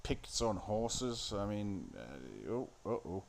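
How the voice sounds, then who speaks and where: Slow, gravelly and sing-song, this lowish male voice rambles through offhand commentary on a film he's watching. He's sardonic, crude and constantly swearing.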